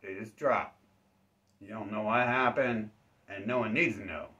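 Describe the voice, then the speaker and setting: Deadpan man rambling darkly. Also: unhurried. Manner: acts out exchanges with sudden high-pitched voices; laughs at his own dark jokes. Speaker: self-defense channel host. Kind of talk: rambling deadpan dark-comedy monologue. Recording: slightly dull, lo-fi recording.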